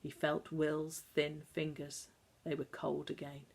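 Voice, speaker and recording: Low-voiced woman reading a novel. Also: gravelly. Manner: measured, calm storytelling. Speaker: audiobook narrator. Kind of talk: scripted narration.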